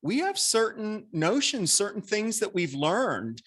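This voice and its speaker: A man giving a spiritual talk to a congregation at a spiritual center, speaking in a conversational, earnest way with a voice that carries and lively acted-out asides. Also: high voice, a little slow, husky. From American. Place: church hall.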